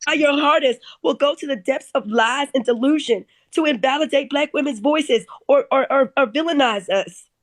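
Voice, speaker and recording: A woman with a high voice speaks angrily, tripping over her words in quick restarts. Her voice sounds close and dry, with no room around it. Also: no room sound. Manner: angry, rapid, stumbling restarts. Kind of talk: heated live-stream talk.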